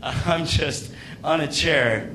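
A young Irish man doing a stand-up comedy set, telling stories in a profane, animated way with loud acted-out outbursts. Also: fairly high pitch, takes it slowly, a little hiss or hum. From Ireland.

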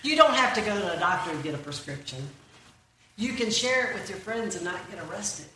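Animated and forceful, a middle-aged woman with a bright mid-range voice moves briskly through a comedic church talk of folksy jokes and crowd quizzes. The sound comes from a distant mic in a large, very echoey church hall with room noise.

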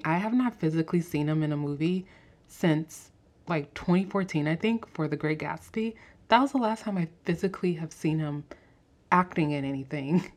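A young woman talking casually and excitedly about a film on a podcast, with lots of fillers and laughter. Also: deep voice. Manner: animated, fast-talking, frequent fillers and laughs. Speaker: podcast host. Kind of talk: casual movie review chat.

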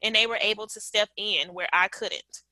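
A woman's voice: mid-range voice, normal speed, bright, forceful tone, no echo, poor audio. A woman in her late twenties, sharing a personal story as a guest in a candid, reflective way, with frequent fillers and restarts. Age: late 20s.

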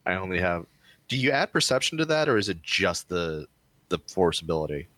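A man playing a tabletop role-playing game, deliberate and asking about the rules. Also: low voice, sing-song, a bit bright, no echo. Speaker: player. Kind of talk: casual role-play.

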